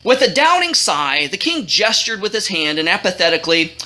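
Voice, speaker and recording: A woman's voice: mid-range voice, sing-song, brisk, sharp tone. A woman telling a comic storybook tale to a young audience, playful and jokey, teasing her listeners.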